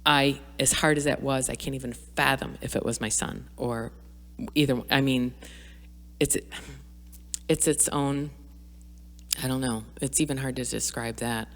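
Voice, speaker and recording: A middle-aged woman with a low voice speaks as a podcast guest. She talks candidly and reflectively, with frequent fillers and restarts. Her voice carries a long reverb, as if recorded in a hall. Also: fairly even intonation, measured pace, pauses often. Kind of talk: candid personal conversation.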